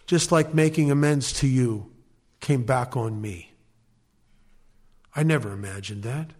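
A man's voice: mid-range voice, a little slow, a little mellow. A man speaking at a recovery meeting, telling his personal story in an earnest, emphatic way with flashes of wry self-mocking humor.

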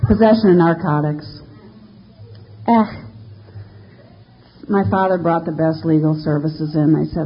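A woman's voice: low-pitched, fairly even intonation, unhurried, long pauses, lo-fi sound, slight background noise. Candid older woman telling her story. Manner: candid, self-mocking storytelling with laughs. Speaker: speaker sharing recovery story. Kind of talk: personal testimony to a live audience.

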